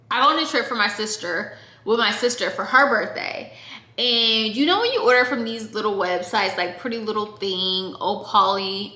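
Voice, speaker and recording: A young woman from Oregon chats through a storytime, talking straight to her viewers with lively, animated energy. Her voice sits a little high and sounds bright and sharp. The room around her rings with echo. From Oregon, USA. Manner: chatty, animated, addresses viewers directly. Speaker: vlogger. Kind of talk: casual storytime. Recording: echoey room.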